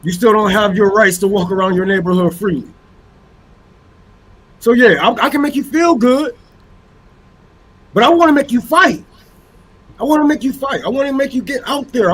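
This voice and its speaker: A man's voice: very high-pitched, normal speed, long pauses, a bit bright, low-quality recording. A man giving an impassioned, profane political rant on a panel, repeating phrases for emphasis. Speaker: activist panelist.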